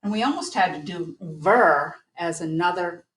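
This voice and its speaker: A woman teacher giving an online phonics lesson, patiently sounding out words slowly. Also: fairly low pitch, lively intonation, fairly bright tone. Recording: echoey room.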